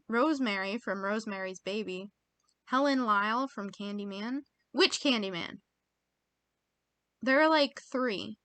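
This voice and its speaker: A woman's voice: fairly high pitch, sharp tone, no echo. A young American woman reading quiz options aloud in casual chat, giggly and self-mocking, muttering as she goes. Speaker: video creator taking online quizzes.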